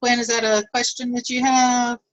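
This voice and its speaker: A woman's voice: fairly high pitch, flat delivery, moderate pace, lo-fi sound. A woman leading her sales team on a video call, upbeat and encouraging, with many fillers. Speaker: network marketing team leader.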